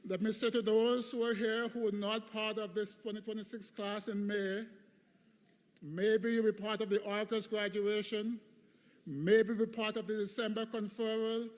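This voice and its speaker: A man in his fifties delivers a preached commencement address in a large hall at a graduation ceremony, emphatic and full of rhythmic repetition. His voice is high with little pitch movement, and he speaks a little slowly. The recording carries long hall reverb.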